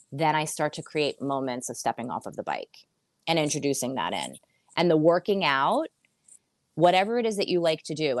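A woman with a notably low-pitched voice, speaking as a therapist who explains patiently and repeats key phrases for emphasis. The recording is dry and close, with no room sound around her. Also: no room sound. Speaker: therapist guest. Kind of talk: conversational explaining. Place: seated in a chair.

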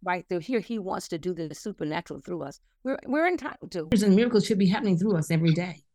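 A woman's voice: on the low side, lively intonation, fast, mellow, no room sound, clean studio sound. A woman in her sixties, an interview guest, telling family stories earnestly and acting out the dialogue. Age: 60s. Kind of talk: casual faith-based conversation.

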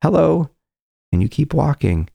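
A man's voice: lowish voice, animated, fairly quick, vocal fry, darkish tone, no room sound. A man giving an earnest motivational talk as a confidence coach, often acting out people's inner voices.

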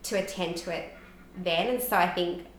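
Open and emotional, a thirtysomething woman shares candid stories as a podcast guest, leaning heavily on "like." She speaks in a lowish voice at a moderate pace, in a roomy, echoey space with faint background noise.

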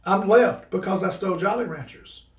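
A man telling a story from his childhood in a casual chat, animated and laughing as he tells it. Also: sits high, moderate pace, far from the mic. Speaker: guest. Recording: roomy sound, away from the mic.

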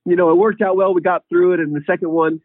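A man's voice: high-pitched, flat delivery, fast, no echo. A man being interviewed, telling his story in a rambling, casual way and laughing often. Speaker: guest, horse trainer. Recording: tinny phone-like line.

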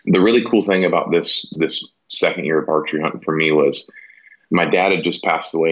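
A man's voice: very deep voice, gravelly, husky. A man telling a hunting story in a casual, rambling way, filling his talk with "you know" and "like". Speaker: podcast guest, elk hunter. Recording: dull lo-fi sound.

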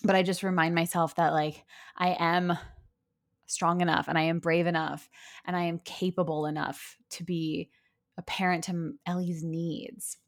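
A young woman speaks in a casual, reflective solo talk, earnest and chatty. Her voice sits slightly low for a woman, and she fills her sentences with "like" as she thinks aloud. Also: flat delivery, normal speed. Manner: chatty, earnest, many "like" fillers. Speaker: podcast host and business owner.

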